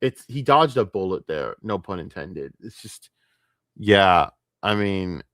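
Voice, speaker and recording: A man's voice: sits low, lively intonation, slow pace, fairly bright tone, no echo, studio quality. A man streaming late at night, ranting with a lot of profanity and getting easily distracted.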